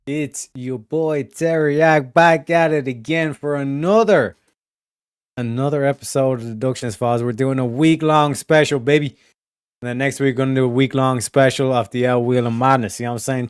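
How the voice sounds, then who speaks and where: Irish guy rambling on his stream, swears a lot, smooth voice, dead dry close mic. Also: medium pitch, normal speed, dry recording. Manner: rambling, profane, repeats catchphrases. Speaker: streamer host. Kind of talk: casual stream chat.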